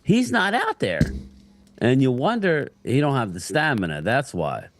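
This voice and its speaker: A man's voice: medium pitch, big pitch swings, a little slow, slight background noise. A man co-hosting a live sports stream from a home setup, laid-back and joking with loose slang. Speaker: sports podcast co-host. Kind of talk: casual live-stream chat. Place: home studio with stream deck.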